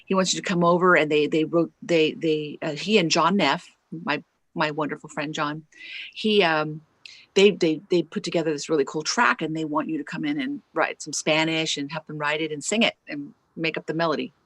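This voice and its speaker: A woman's voice: sits low, moderate pace, no echo. A woman singer and songwriter, a guest in an online interview, telling stories animatedly and acting out what people said, on a lapel mic. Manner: animated, acts out quotes with laughs. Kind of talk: casual storytelling in an online interview.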